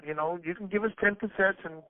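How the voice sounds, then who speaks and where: A man with a fairly high voice tells stories in a loose, profane way, tripping over his words and restarting his sentences. The sound is dry and tinny, like a phone line. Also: a little fast, no echo. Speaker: rapper being interviewed. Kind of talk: casual storytelling interview.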